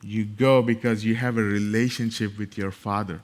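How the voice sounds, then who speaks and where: A man's voice: lowish voice, little pitch movement, normal speed, hardly any pauses. Man preaching an emphatic sermon. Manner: emphatic, repeats key phrases and builds in force. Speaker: pastor.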